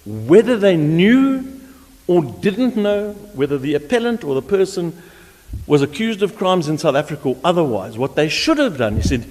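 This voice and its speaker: Animated, emphatic male advocate in court. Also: a little high, moderate pace. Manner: animated, emphatic, with frequent restarts. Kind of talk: courtroom legal argument. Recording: reverberant courtroom audio.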